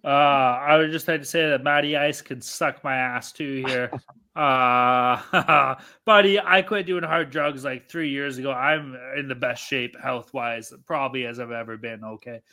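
A man co-hosting a hockey betting podcast, ranting loudly with constant profanity and brash trash talk. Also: medium pitch, measured pace. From Canada. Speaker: podcast co-host. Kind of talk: profane sports betting rant.

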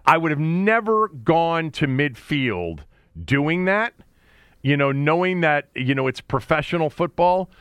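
A man's voice: fairly high pitch, very animated, a little slow, fairly bright tone, clean tone, no echo, studio quality. A man co-hosting a casual sports talk show, blunt and opinionated, cursing freely and restarting his sentences often. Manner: blunt, swears, many restarts. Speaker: podcast co-host.

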